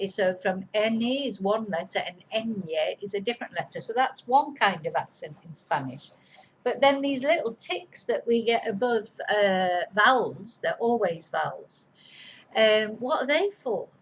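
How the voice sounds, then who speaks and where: A woman's voice: mid-range voice, fairly bright tone, slight background noise, rough recording. Chatty woman teaching Spanish. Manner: chatty, rambling, self-correcting. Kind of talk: casual explanatory lesson.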